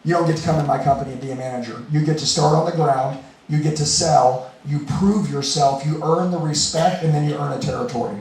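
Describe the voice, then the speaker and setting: At an indoor meetup, a male event host rallies the group with a blunt, profane, fired-up motivational talk. His voice is a little high and darkish in tone, moving fairly quickly. The room is echoey and the mic sits far away.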